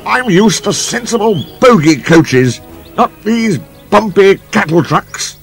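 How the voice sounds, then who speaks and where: A man's voice: sits high, big pitch swings, slow, a bit bright, soft background music, voice pushed up, full character voice. A man voicing a haughty, sulky male engine who snorts and grumbles. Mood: straining. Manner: snorting, lofty and rebellious.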